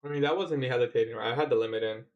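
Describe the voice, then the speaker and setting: A man's voice: mid-range voice, racing, dull audio. A young man from Canada with a Toronto accent, chatting casually on a trading livestream and answering viewers in laid-back slang.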